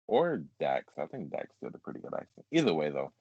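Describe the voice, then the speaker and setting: A man's voice: a bass voice, wildly swooping pitch, brisk, breathy edge, no room sound, dull audio. A man co-hosting a casual fan podcast, talking in a laid-back, rambling way full of "like"s. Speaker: podcast co-host. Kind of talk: casual chat.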